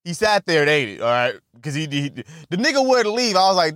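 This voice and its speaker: A young man in a loud, animated, profane comedic rant recapping a movie and scolding its characters directly. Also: on the high side, brisk, few pauses, no echo, clean studio sound.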